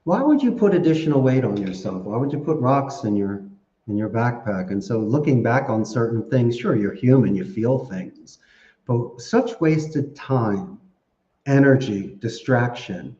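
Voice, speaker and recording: In a casual podcast interview, a male guest talks chattily, plays with language, and laughs frequently. He speaks a little slowly at a medium pitch, expressive and dark-toned, and the sound is dull with a roomy quality.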